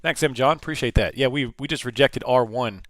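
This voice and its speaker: A man's voice: mid-range voice, fairly quick, a bit bright, dry recording. A man hosting a live trading stream, talking casually and thinking aloud, often repeating and restarting his phrases. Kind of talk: casual live market commentary.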